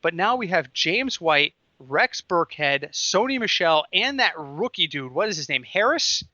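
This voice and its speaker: A man co-hosting a football podcast, chatting casually and telling stories in an animated, excitable way. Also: a little high, measured pace, dry recording, highs cut off. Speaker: podcast co-host. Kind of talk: casual sports chat.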